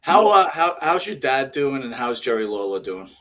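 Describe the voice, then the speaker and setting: A man hosting a casual interview, chiming in with quick encouraging remarks. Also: medium pitch, sing-song, a bit bright. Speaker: podcast host.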